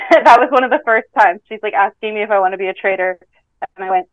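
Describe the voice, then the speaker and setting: A woman's voice: medium pitch, fast, no echo. A woman from Canada, a reality show contestant, chatting casually in a podcast interview, rambling and laughing often. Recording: dull lo-fi call audio.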